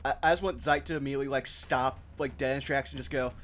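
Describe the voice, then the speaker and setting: Fast-talking giggly male player. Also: medium pitch, fairly even intonation, a bit bright, a little hiss or hum. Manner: quick and giggly. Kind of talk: casual tabletop play.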